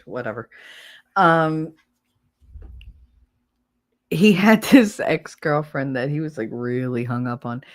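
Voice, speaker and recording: A middle-aged woman with a low voice talks bluntly and casually on a livestream. She rambles from one story to the next and speaks plainly. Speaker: livestream host. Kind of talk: casual chat.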